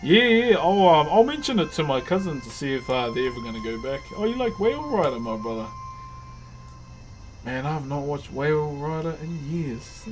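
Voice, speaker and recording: A man's voice: a little high, animated, normal speed, faint music behind. A man with a New Zealand accent chatting casually with viewers on a live stream, easygoing and calling everyone bro. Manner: laid-back, calls viewers brother and bro.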